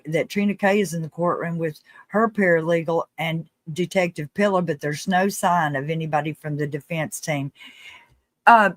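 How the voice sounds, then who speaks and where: A woman co-hosting a casual livestream, relaxed, reading viewer comments aloud. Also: on the low side, no echo, studio quality. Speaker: livestream co-host.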